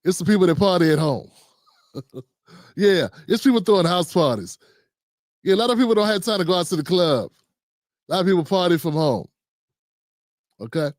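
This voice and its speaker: A laid-back man hosting a livestream, reacting to a news clip in loose, conversational commentary. His voice sits a little high for a man. The sound is close and dry, with no room around it. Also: expressive, normal speed, long pauses, darkish tone, no room sound. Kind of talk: casual commentary.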